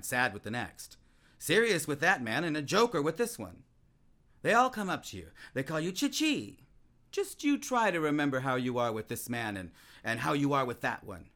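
An actor playing a restless, talkative man-about-town who gets excited and trips over his own words. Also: a little high, full character voice. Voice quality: voluble and excitable, with frequent restarts. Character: restless, voluble man-about-town, nervous and self-mocking. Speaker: actor in a play. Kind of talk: theatrical stage-play acting.

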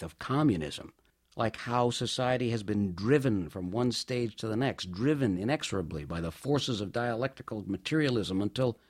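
Husky man telling a comic story. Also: mid-range voice. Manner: animated, wry, mock-grand storytelling. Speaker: monologue performer.

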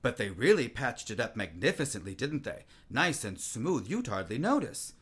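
An actor playing a restless, talkative man-about-town who gets excited and trips over his own words. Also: medium pitch, moderate pace, breathy edge. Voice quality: voluble and excitable, with frequent restarts. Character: restless, voluble man-about-town, nervous and self-mocking. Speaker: actor in a play. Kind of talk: theatrical stage-play acting.

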